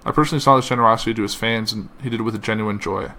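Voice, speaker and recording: A man's voice: on the low side, steady tone, pushed and bright. A man hosting a podcast, reading a tribute and quoted messages aloud, with slips and uh fillers. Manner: reads slowly with uh fillers and slips. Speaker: podcast host.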